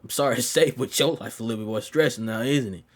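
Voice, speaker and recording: A man's voice: medium pitch, quick pace. A young man casually telling a story, slangy and profane, rambling along.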